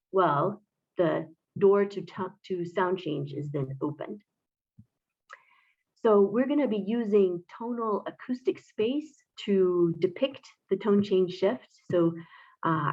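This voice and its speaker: A woman presenting a recorded academic conference talk, explaining step by step in a measured way with frequent filler sounds. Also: on the low side, muffled recording.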